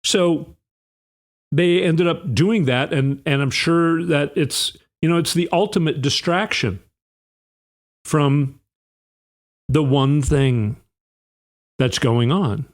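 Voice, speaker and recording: A man's voice: a little high, slow pace, pauses often. A man hosting a podcast, delivering a rambling, sarcastic political monologue with an indignant edge. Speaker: podcast host.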